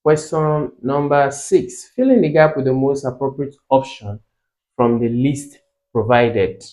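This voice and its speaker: A man with a Nigerian English accent tutoring exam English, slowly repeating words to drill their pronunciation. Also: medium pitch, darkish tone, rough recording. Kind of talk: tutorial explanation.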